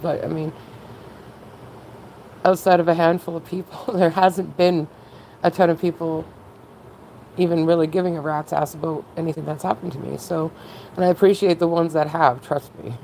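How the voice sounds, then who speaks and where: A woman's voice: low voice, steady tone, normal speed, gravelly, pauses often, mellow, a little hiss or hum, rough recording. A woman talking candidly in a casual, rambling personal monologue, often breaking into laughs. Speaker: vlogger.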